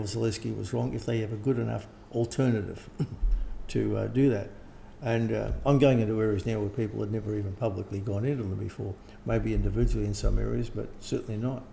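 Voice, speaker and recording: Older man, gravelly, dark tone, rambling interview talk, faint background hiss. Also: fairly low pitch, steady tone, a little fast, hardly any pauses. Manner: rambling, frequent restarts and throat clearing. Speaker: interviewed teacher. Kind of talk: casual conversation.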